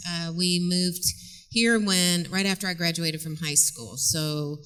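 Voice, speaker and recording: Chatty fifties lady from upstate ny, bright voice in a big echoey church. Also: lowish voice, unhurried, clean tone. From upstate New York. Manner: chatty and joking. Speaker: guest counselor. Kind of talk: church stage interview. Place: large church sanctuary. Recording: long church reverb.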